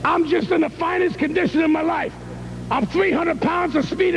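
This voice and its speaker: A wrestling manager cutting a loud, boastful promo and taunting the interviewer. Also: male voice, extremely high pitch, lively intonation, moderate pace, gravelly, soft background music, poor audio.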